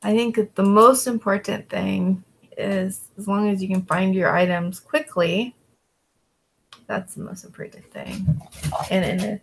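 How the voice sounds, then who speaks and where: A woman reseller chatting casually with her viewers as she works, drawling along with plenty of fillers. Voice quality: gravelly, creaky. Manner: slow, drawling and relaxed, with frequent fillers; calls to her dogs in a high, coaxing voice. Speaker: online reseller vlogger. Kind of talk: casual chat while working, answering viewers.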